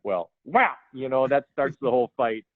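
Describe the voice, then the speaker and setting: An older man, a veteran film designer, relays anecdotes in an animated way and slips into the voices of the people he quotes. His voice comes through a narrow, phone-like line. There is no room sound around it. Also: mid-range voice, moderate pace, no room sound. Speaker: guest, film production designer. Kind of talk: storytelling interview. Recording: tinny phone line, dry.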